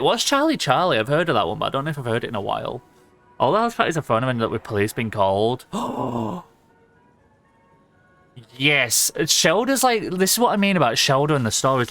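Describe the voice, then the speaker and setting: A young man rambles casually as he streams a game. He swears freely and laughs often, and his voice sits at an ordinary pitch for a man. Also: fairly bright tone. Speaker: livestreamer. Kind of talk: casual gaming stream chatter.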